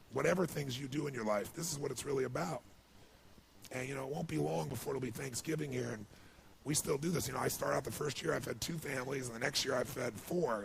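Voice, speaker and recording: A man giving a motivational speech, telling a personal story with rising emotion and gravelly tone. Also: a little hiss or hum. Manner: emotional storytelling, builds to excited highs. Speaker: motivational speaker. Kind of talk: speech to an audience.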